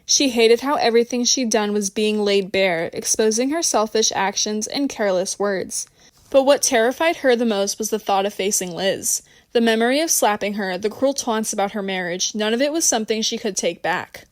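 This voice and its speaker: A woman narrating an audiobook in a steady, even reading voice. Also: medium pitch, moderate pace.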